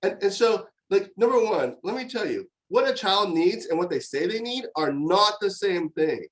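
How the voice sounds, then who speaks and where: A middle-aged man giving a conversational university lecture on parenting, telling stories in an animated way with frequent fillers and restarts. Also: sits high, normal speed, poor audio.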